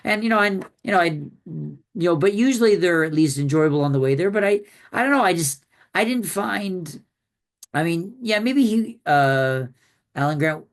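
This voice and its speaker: A man's voice: sits high, animated, moderate pace. A man co-hosting a podcast, giving his film opinion in casual, hesitant chat. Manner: hesitant, many fillers and restarts. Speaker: podcast co-host.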